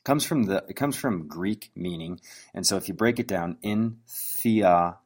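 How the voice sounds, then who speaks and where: A man's voice: deep voice, a little slow, breathy edge. A man telling stories as he coaches on sales, speaking casually with frequent restarts. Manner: conversational, anecdotal, with frequent restarts. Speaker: business owner coaching on sales. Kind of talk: motivational business talk.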